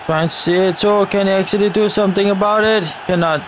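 A young man commentating his own football video game match as he plays, cheering, chanting and shouting at the referee. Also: high voice, steady tone, quick pace, a faint crowd, slight background noise. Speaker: gaming channel host. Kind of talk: live gameplay commentary.

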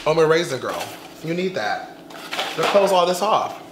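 A man's voice: on the high side, big pitch swings, echoey room, background noise. A young man vlogging a mukbang, sassy and chatty, talking while stuffed full after eating. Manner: sassy, chatty, drawn-out slangy talk. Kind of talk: casual mukbang vlog chat.

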